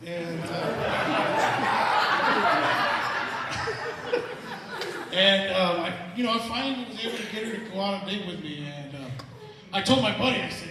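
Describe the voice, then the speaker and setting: High-voiced brash stand-up man. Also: big pitch swings, slow pace, long pauses, noisy background. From El Paso, Texas. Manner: brash, profane, teasing the crowd. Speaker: stand-up comedian. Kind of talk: stand-up set with crowd work. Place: historic theater stage. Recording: echoey theater hall from far off.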